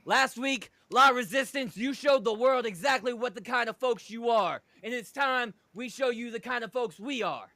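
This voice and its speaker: A man's voice: very high voice, moderate pace, creaky, few pauses, pushed and bright, no echo, voice pushed up, heavily acted. A man voicing a cocky, muscle-bound wrestler cutting a boastful promo.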